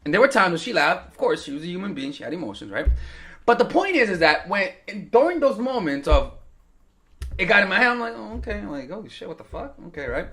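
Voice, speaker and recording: Young man, dating coach, high voice, very lively intonation, rambling, joking. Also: fast. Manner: rambling, joking, acts out quotes with profanity. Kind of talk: casual talking-head advice video.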